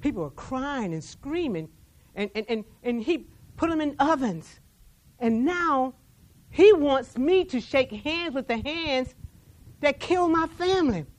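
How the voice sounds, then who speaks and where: A woman preaching a sermon, telling stories that swing between a soft hush and raised emphasis, with repeated words along the way. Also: sits high, lively intonation, measured pace. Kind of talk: sermon storytelling.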